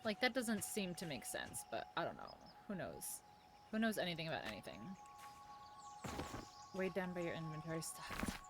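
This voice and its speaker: A woman's voice: low voice, big pitch swings, normal speed, long pauses. A woman live-streaming a game, chatting in a rambling, jokey way and swearing casually as she plays. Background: game music.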